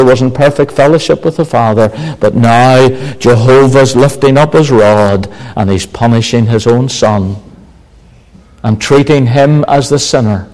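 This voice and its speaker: A man preaching a sermon, building to emphatic exclamations and slowing for stress. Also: mid-range voice, poor audio. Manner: emphatic, rising to exclamations, slow deliberate stress.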